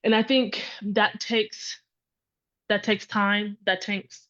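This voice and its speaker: A woman speaking as a panel guest, encouraging and listing her ideas in quick series. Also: medium pitch, little pitch movement, fairly bright tone. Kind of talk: reflective panel talk. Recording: dull lo-fi sound.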